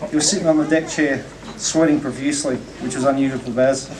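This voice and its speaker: A man's voice: mid-range voice, steady tone, quick pace, crowd noise. A man giving a eulogy at a memorial, telling a humorous story with acted-out dialogue. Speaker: eulogy speaker. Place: memorial gathering. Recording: distant mic with audible room ambience.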